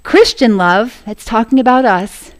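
Lady preaching at church, earnest, laughs a lot, kinda high voice. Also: unhurried. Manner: earnest, laughs often, addresses congregation as family. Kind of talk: sermon.

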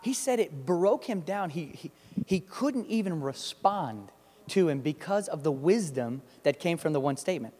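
Preacher, male, high voice, emphatic storyteller, long hall reverb. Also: expressive, normal speed, mellow. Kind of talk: sermon with storytelling.

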